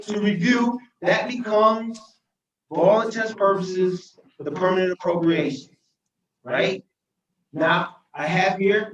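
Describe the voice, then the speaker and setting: A man speaking as mayor at a council meeting, impassioned and tagging points with "right?", sometimes shouting. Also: high voice, recorded from a distance, a little hiss or hum. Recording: echoey chamber, voice from afar.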